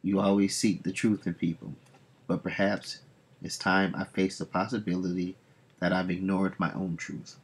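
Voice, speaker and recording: A man reading a comic aloud, voicing a brooding male sea king in a slow, solemn way. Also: low voice, little pitch movement, slightly rough.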